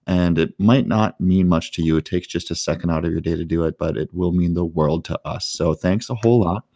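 Deep-voiced man running a tabletop game. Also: brisk, no room sound, studio quality. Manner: relaxed, joking, plugs the channel. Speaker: game master. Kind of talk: casual tabletop game narration.

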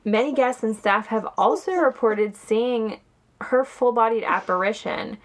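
A woman co-hosting a podcast, relating ghost stories in a relaxed, informal way. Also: fairly high pitch, measured pace. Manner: relaxed, informal storytelling with fillers. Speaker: podcast co-host. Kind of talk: casual chat, relating ghost lore.

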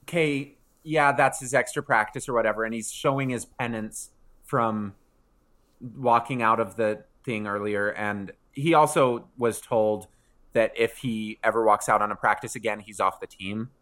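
A man co-hosting a casual chat, retelling a TV episode with animated asides and acting out lines. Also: lowish voice, normal speed. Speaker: podcast co-host.

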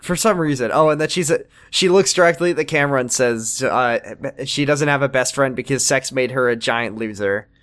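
A man in casual podcast chat recaps a TV episode with his co-host. He jokes his way through the plot and slips into mock voices to quote the characters. His voice sits at an ordinary middle pitch. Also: brisk, hardly any pauses, fairly bright tone. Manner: jokey, quoting characters in put-on voices.

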